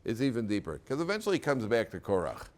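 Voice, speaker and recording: A rabbi with a fairly low voice teaches a class of students, telling the story with energy. He slips into the characters, pausing and restarting as he talks to the room. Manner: lively storytelling, acts out characters. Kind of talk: Torah class lecture.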